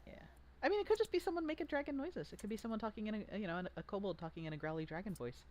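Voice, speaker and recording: This game master talks through rules with a pitch that bounces around a lot, full of jokes and little restarts. The mood is a casual tabletop session among friends. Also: lively intonation, rapid-fire. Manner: chatty, joking, full of fillers and restarts.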